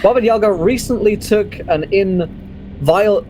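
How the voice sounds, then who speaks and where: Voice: medium pitch, unhurried, a little mellow, slight background noise, low-quality recording. Rambling, filler-heavy game master. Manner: rambling, many ums and likes, laughs at own rulings. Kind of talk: narrating a tabletop game.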